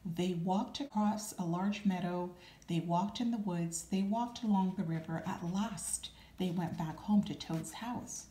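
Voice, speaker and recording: A woman reading a children's storybook aloud, calm and unhurried, adding small asides. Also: lowish voice, a little hiss or hum. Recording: roomy echo.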